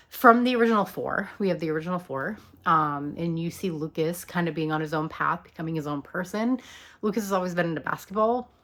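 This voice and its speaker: A woman talking casually as a video commentator, chatty with lots of ums and likes and casual swearing. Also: fairly low pitch.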